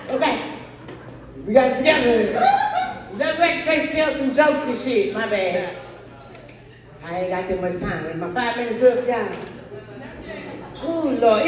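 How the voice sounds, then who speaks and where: A woman performing a stand-up set in a live venue, teasing the crowd in a brash, profane way. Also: high voice. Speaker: stand-up comedian. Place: live comedy venue on stage. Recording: very echoey venue, distant mic, audience noise.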